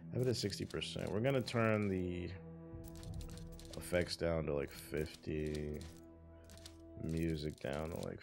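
A man's voice: very deep voice, vocal fry, a little mellow. A man giving casual, profane, joking commentary while playing a video game on stream. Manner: loose, profane, laid-back joking.

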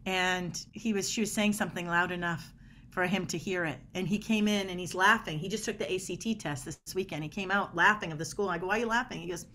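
Emphatic, lively woman expert. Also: lowish voice, a little hiss or hum. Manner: energetic, emphatic, acts out quoted dialogue. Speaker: body language expert guest. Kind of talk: animated podcast conversation.

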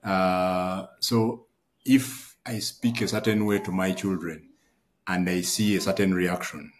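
Deep-voiced man hosting a podcast. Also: fairly even intonation, slow. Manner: reflective, thinks aloud with fillers. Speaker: podcast host. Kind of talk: casual conversation.

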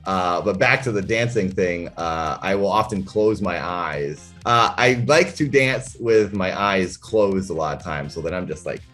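A man's voice: sits low, lively intonation, unhurried, hardly any pauses, fairly bright tone, soft background music. A man talking as a guest in a casual interview, reflective and thinking aloud about his work. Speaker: interview guest, comedian and character performer.

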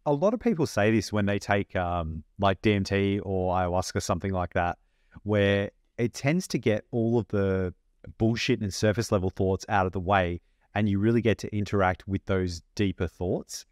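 A man's voice: on the low side, moderate pace, a little mellow, no echo, clean studio sound. A man co-hosting a podcast, asking curious questions and teasing his friend in a casual way. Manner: curious, teasing questioner, calls people "mate". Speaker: podcast co-host.

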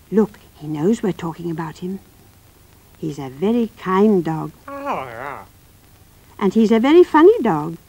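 A woman's voice: lowish voice, very animated, a little slow, pauses often, husky, no echo, rough recording. Coaxing woman narrating for children. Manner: gentle, coaxing, addresses the child viewer.

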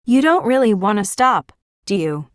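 A woman's voice: mid-range voice, big pitch swings, moderate pace, no echo, studio quality, lightly acted. A woman voicing an insecure, pouty teenage girl in an audiobook. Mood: pleading.

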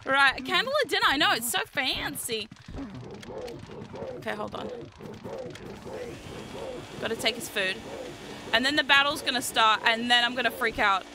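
A woman streamer giving live gameplay commentary. She is excitable, shrieks and swears at the game, and makes chatty, self-mocking asides to viewers. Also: on the high side, normal speed, pauses often, crowd noise. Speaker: VTuber streamer playing a video game. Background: game music.

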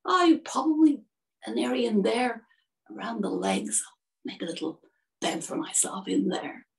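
A woman's voice: lively intonation, unhurried, creaky. A woman putting on a chirpy little swallow. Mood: dreamy. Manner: high, bright bursts of surprise. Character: chirpy little male swallow, restless and chatty. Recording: distant from the mic.

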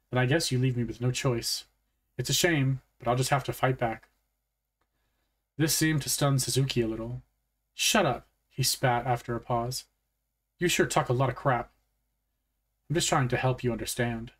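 A man reading a novel aloud in a calm, matter-of-fact first-person narration. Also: mid-range voice. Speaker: audiobook reader. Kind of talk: audiobook narration.

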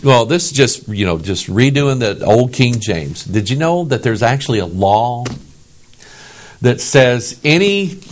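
Man from the US, pastor, preaching with a lively, swinging voice; emphatic, keeps asking "okay?". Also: medium pitch. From United States. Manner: animated, emphatic, asks the audience "okay?". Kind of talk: sermon.

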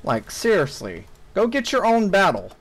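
This gaming YouTuber speaks at a normal pace in a high register, his pitch swooping wildly, and the recording quality is low. Commentating his gameplay to viewers, the young man erupts into exasperated tirades packed with profanity when things go badly.

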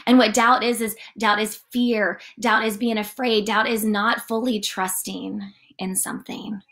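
A woman giving a casual morning devotional, chatty and animated, often saying "like" as she reads and talks. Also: medium pitch, unhurried. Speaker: church devotional leader.

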